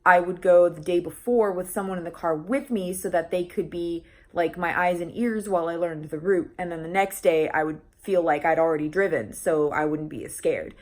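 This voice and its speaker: A woman's voice: fairly low pitch, normal speed, hardly any pauses, a little mellow. A young woman talking casually in a vlog, chatty and full of restarts and fillers, laughing often. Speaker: vlogger.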